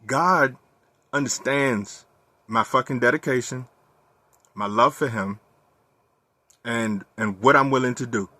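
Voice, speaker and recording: Bright-voiced young man, candid and profane. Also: medium pitch, slow, pauses often, no echo. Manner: candid, profane, animated storytelling. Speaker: vlogger. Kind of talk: casual personal monologue.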